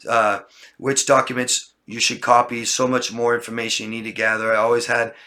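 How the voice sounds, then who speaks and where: Man, relationship coach, animated, bright tone, casual q and a talk. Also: medium pitch. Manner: animated, mimics people in exasperated voices. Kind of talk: casual talk answering viewer questions.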